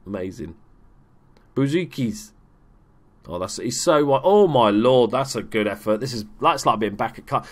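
A young man giving casual, self-mocking let's play commentary on a football game, chatty and prone to swearing when excited. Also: medium pitch, normal speed. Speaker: gaming YouTuber.

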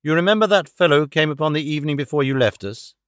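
A man's voice: on the high side, quick pace, fairly bright tone, dry recording, close to an everyday voice. A man reading an audiobook voices a careworn young man, urgent and earnest about his dying father. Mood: anxious.

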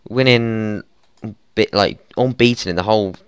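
A young man narrates his football management save in a lowish, smooth voice, recorded dry and close at a desk mic. He grumbles, swears and breaks into exasperated yells at his players. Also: moderate pace, dry recording. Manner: frustrated, swearing, exasperated outbursts. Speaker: gaming YouTuber. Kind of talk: football management let's play commentary.

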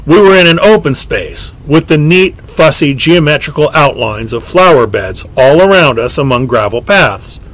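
A man narrating a story aloud in a lively, expressive way. His voice is fairly high for a man and rises and falls widely across each sentence. He reads as a scripted narration. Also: moderate pace, few pauses, poor audio. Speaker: audiobook narrator.

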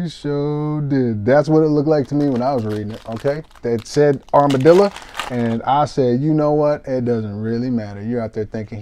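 A young man casually commentating a live sports-card break, excitable and self-mocking, swearing freely. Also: mid-range voice, normal speed, a little hiss or hum.

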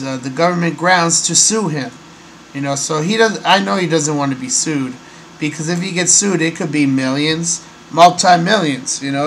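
A man's voice: fairly high pitch, a bit bright, a little hiss or hum, rough recording. A man hosting a casual monologue, rambling and hesitant with many fillers. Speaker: host.

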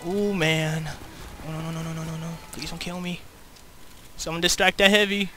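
Excitable young man swearing through gameplay. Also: on the high side, moderate pace, over music. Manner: excitable, swears a lot, yelps in panic. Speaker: gamer. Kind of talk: live gameplay commentary.

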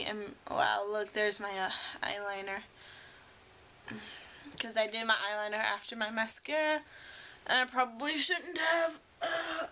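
A woman's voice: fairly high pitch, sharp tone, slight background noise. A young woman vlogging casually at home, telling a story in a chatty way with lots of fillers. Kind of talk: casual vlog chat. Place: at home indoors.

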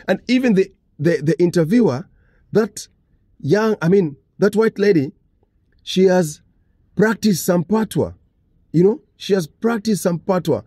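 Husky, mellow-voiced man from Africa. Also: a little high, no room sound, studio quality. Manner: earnest, repeats his points. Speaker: commentator. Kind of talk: casual commentary to camera.

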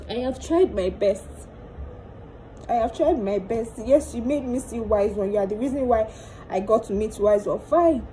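A woman's voice: a little high, normal speed, mellow, slight background noise, rough recording. A young woman with a Nigerian accent, pouring out her hurt in a tearful monologue to camera, mixing Pidgin and Yoruba and repeating pleading questions. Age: young adult. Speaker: vlogger.

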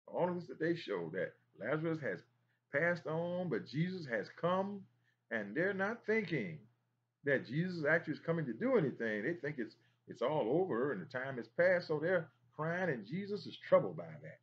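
A man's voice: fairly high pitch, very animated, normal speed, husky, highs cut off. A man teaching a Bible study in an emphatic preaching style, repeating phrases and exclaiming as he goes.

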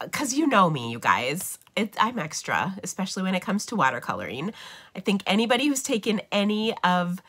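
This middle-aged woman running a papercraft livestream sounds on the low side, pushed and bright. She talks casually and with enthusiasm, full of fillers, a touch nasal since she's under the weather.

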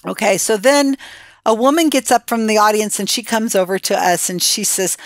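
Woman telling a story in an interview, acts out the quotes, mid pitch, dry close sound. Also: moderate pace, dry recording. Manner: animated retelling with acted quotes.

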